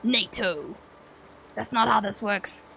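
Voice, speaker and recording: Here a young woman talks with her stream viewers in a high, bright-pitched voice, animated yet at a measured pace. She's relaxed and jokey, dropping swear words and laughing along the way.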